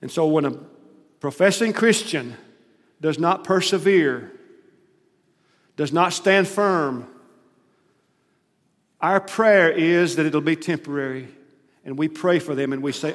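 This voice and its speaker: A man's voice: fairly high pitch, takes it slowly, long pauses. A man preaching a sermon, retelling scripture with dramatic, rising emphasis. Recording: long hall reverb.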